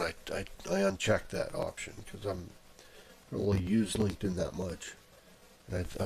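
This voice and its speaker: Man with a very low voice, casual self-narrated screen recording on a desk mic, rambling delivery. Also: creaky. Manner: rambling, with many fillers and restarts. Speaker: video blogger. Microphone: plugged-in desk microphone.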